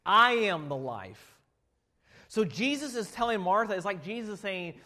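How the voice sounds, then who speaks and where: A man preaching a sermon as pastor, shifting between loud emphatic passages and quiet storytelling. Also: high voice, very animated, a little slow. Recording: long hall reverb.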